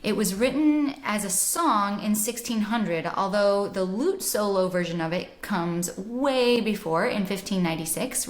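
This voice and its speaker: A woman soprano teaching a music lesson, explaining pronunciation slowly and deliberately and sounding out vowels aloud. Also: mid-range voice. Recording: roomy echo.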